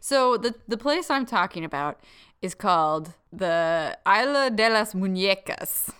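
A woman's voice: medium pitch, animated, unhurried, fairly bright tone, clear, resonant tone. A young woman co-hosting a podcast, rambling through a story in casual chat with frequent giggles. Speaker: podcast co-host.

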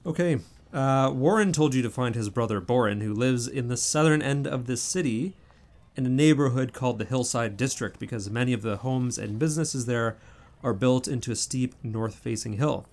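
A young man runs a tabletop game, describing scenes in a loose, relaxed way with the odd filler. His voice sits in an ordinary middle pitch. His delivery is casual and unhurried. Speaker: game master.

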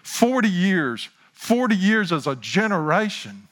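A man preaching a sermon with a slow, unhurried delivery. His voice sits somewhat high for a man, and he builds to emphatic, drawn-out lines. Between these he drops into chatty asides. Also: lively intonation, fairly bright tone. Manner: self-deprecating asides in third person. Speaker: pastor.

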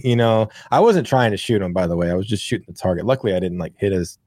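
A man with a lowish voice tells rambling childhood stories, swearing freely and getting animated as the tale builds. He talks into a close podcast mic with a very dry sound, no room around him. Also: a little fast, hardly any pauses, no echo. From grew up in the countryside. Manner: rambling, profane, animated storyteller. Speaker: podcast co-host. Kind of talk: casual storytelling chat.

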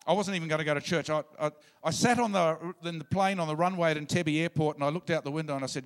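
A man preaching a sermon in an animated way, sometimes bursting into loud shouts. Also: on the high side, quick pace.

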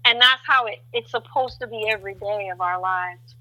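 A woman guest sharing a faith testimony in conversation, an animated storyteller who acts out what people said. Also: mid-range voice, moderate pace, rough recording.

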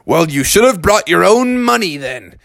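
A man's voice: high voice, big pitch swings, normal speed, vocal fry, fairly bright tone, no echo, clean studio sound, voice pushed up, full character voice. A man voicing a stubborn, penny-pinching father bear in a storybook tale, breezy and sure of himself. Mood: smug. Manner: breezy, self-assured, stingy. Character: stubborn thrifty father bear, middle-aged.

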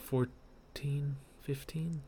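A man's voice: a little high, steady tone, very slow, dark tone, slightly rough. A man co-hosting a casual podcast chat, matter-of-fact with dry humor. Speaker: podcast co-host.

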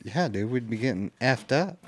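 A man's voice: medium pitch, lively intonation, normal speed, slight background noise. A man co-hosting a podcast, trading crude jokes with a friend, laughing and swearing often. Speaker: podcast co-host. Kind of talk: crude casual banter.

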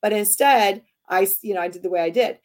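A woman author, interviewed as a guest, telling lively stories and acting out the dialogue in them. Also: medium pitch, fast. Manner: animated storytelling, acts out quoted dialogue. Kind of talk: conversational interview.

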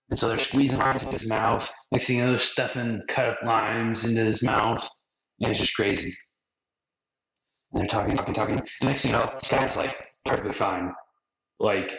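A low-voiced man loosely recapping an episode in slangy, rambling talk. The sound is echoey and muffled, like a lo-fi podcast in a bare room. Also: steady tone, normal speed, creaky, pauses often, a bit bright. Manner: rambling and slangy, acts out quotes. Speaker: podcast host recapping an anime. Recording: roomy, dull lo-fi podcast audio.

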